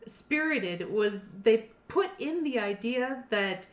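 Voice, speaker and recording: A woman's voice: fairly high pitch, expressive, takes it slowly. A woman co-hosting a casual podcast, dry and matter-of-fact, teasing her co-host. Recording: echoey room.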